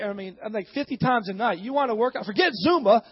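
High-voiced preaching man in a hall. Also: expressive, fast talker, hardly any pauses, breathy edge. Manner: emphatic preaching, rising to shouts. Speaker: pastor. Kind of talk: sermon. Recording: dull, long-reverb hall sound.

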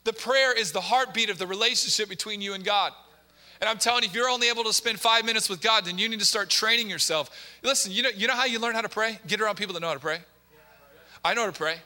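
A man's voice: high-pitched, fast, sharp tone. A male pastor preaching a sermon to his congregation, emphatic and repetitive, often putting direct questions to the listeners. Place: church sanctuary. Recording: long hall reverb in a church.

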